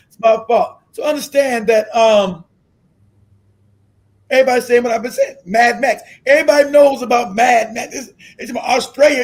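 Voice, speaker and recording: Streamer host, man, high voice, profane combative rant. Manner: profane, combative ranting, shouts at times. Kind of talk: ranting live-stream commentary.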